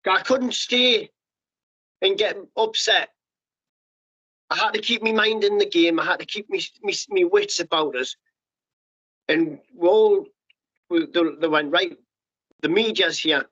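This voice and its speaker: A man's voice: sits high, pushed and bright. Blunt, sweary man. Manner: blunt and sweary, rapid restarts, acts out quoted voices. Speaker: podcast guest, former paratrooper. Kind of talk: candid storytelling interview. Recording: muffled lo-fi podcast audio.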